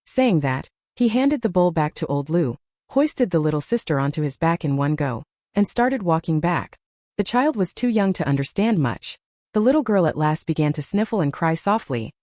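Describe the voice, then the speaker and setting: A woman narrating a translated novel as an audiobook, in a steady storytelling delivery. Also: lowish voice, a little fast, no echo, studio quality.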